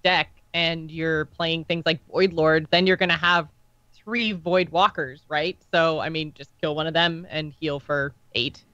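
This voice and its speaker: Bright-voiced man on a podcast, eager. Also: a little high, fairly even intonation, no echo, dull audio. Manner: eager, throws in quick ideas and laughs. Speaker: podcast co-host. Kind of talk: casual card game discussion.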